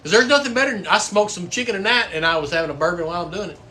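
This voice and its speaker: A middle-aged man with a drawl talks loosely to his stream, swearing and joking like a regular at the bar. His voice is strikingly bright and forceful, pitched a little high for a man. A light hiss sits under the recording. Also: very fast. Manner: folksy, swearing, chatty. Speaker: livestream host; coach. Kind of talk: casual livestream chat.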